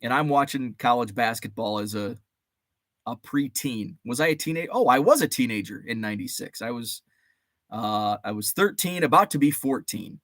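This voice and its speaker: A man's voice: medium pitch, animated, normal speed, fairly bright tone, no room sound, clean studio sound. A man around forty hosting a casual livestream, rambling through memories, greeting chat viewers by name and swearing mildly. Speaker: host.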